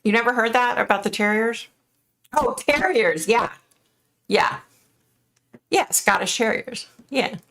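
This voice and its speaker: A middle-aged woman from the US, hosting a psychic live stream, chats casually through the comments, laughing often and thanking viewers by name. Her fairly bright voice is on the high side with lively intonation, a little slow, with frequent pauses. She is sweating and overheated.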